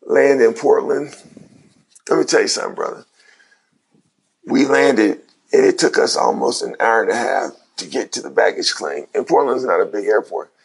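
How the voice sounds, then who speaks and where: A man's voice: mid-range voice, normal speed, vocal fry, slightly rough. A middle-aged man from Ohio, a former pro basketball player, telling a story in casual slangy talk. He acts out the voices of the people in it. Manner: animated retelling with quoted dialogue, slangy.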